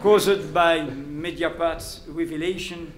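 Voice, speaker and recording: Slow French-accented man lecturing. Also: fairly high pitch, fairly even intonation, background noise. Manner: deliberate, emphatic lists. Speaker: journalist, guest speaker. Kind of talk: prepared lecture. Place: lecture hall. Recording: roomy hall sound, faint ambience.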